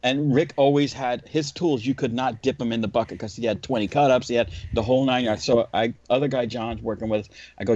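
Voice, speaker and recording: Animated storytelling man, lo-fi sound. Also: mid-range voice, fairly quick, hardly any pauses. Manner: animated, swearing, acts out quotes. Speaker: podcast host, window cleaner. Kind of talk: casual chat, storytelling.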